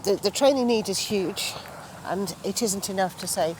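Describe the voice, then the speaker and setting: A woman's voice: mid-range voice, moderate pace, darkish tone. A woman trainer talking through her views in an outdoor interview, emphatic, acting out quoted exchanges with a pointed tone. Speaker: trainer for estate agents, guest. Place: outdoors by a towpath with passing traffic. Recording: outdoor recording with clear street noise.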